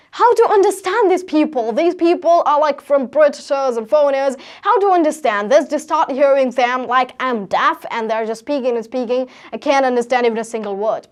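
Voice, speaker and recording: Teen girl, Indian English accent, high voice, energetic motivational storyteller. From Haryana, India. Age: teens. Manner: energetic storytelling with rhetorical questions. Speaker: guest speaker. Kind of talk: motivational talk.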